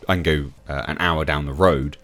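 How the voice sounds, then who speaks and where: Very deep-voiced scoffing man. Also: steady tone, moderate pace, a bit bright. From England. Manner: scoffing, laughs at what he reads, many restarts. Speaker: YouTube reviewer. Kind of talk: opinionated commentary reading and reacting to an article.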